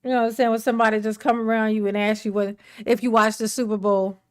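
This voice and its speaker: A woman's voice: on the high side, fast talker, clear, resonant tone. A woman hosting a casual livestream. She greets viewers by name, laughs often and rants animatedly. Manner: animated ranting. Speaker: livestream host.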